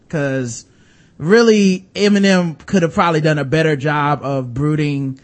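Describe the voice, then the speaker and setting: A man's voice: high voice, normal speed. A man hosting a casual movie review chat, laughing often and acting out voices of the people he mocks. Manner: laughing, animated, acts out quoted voices.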